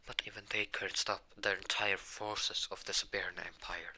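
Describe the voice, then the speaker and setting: A man voicing a grieving young boy prince who speaks in a soft, halting, broken whisper. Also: deep voice, little pitch movement, breathy edge, heavily acted, rough recording.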